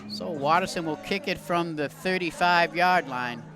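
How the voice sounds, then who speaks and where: Excited high-voiced play-by-play man. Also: moderate pace. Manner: excited shouting on big plays. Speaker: play-by-play announcer. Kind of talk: local sports commentary. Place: press booth at a football stadium. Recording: loud crowd and music behind.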